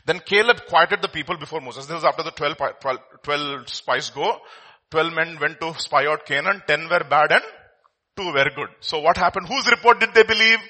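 A man preaching a sermon, reading scripture aloud and asking the congregation rhetorical questions, his voice swinging between loud and soft. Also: fairly high pitch, normal speed. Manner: expressive preaching with rhetorical questions, voice rising and dropping sharply. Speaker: pastor.

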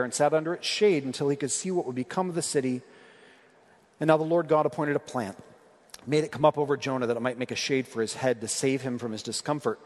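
A man's voice: mid-range voice, a little mellow. Man preaching in a reverberant hall. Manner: conversational, asks the congregation questions. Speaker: pastor. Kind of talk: sermon.

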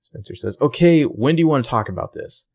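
A man's voice: mid-range voice, expressive, fairly quick, creaky, darkish tone. A young man co-hosting a casual chat, retelling a TV episode by acting out the characters' lines. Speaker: podcast co-host recapping a TV show.

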